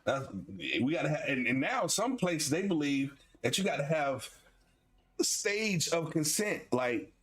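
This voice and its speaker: A man in his forties, from Florida, telling stories on his stream in a loose, animated way. His voice sits high for a man. He often laughs and jumps between excited high bursts and low muttered asides. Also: unhurried. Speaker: streamer and host. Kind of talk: casual storytelling chat.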